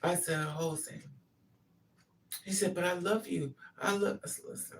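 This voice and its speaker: Speaking at a moderate pace in a low-pitched voice, she tells a personal story casually, bringing others' words to life with animated impressions. Faint noise comes through on a distant microphone.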